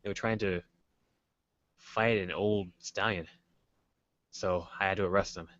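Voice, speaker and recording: Low-voiced man playing a hesitant lieutenant. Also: steady tone, measured pace, fairly bright tone, highs cut off. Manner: hesitant, uncertain. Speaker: player. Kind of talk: role-playing a guard lieutenant.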